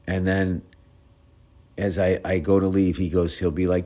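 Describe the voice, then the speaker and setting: A man's voice: deep voice, flat delivery, unhurried, long pauses, mellow. A middle-aged man telling family stories in a rambling, profane, casual way, often breaking off mid-sentence. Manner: rambling, profane, self-interrupting. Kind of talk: casual storytelling.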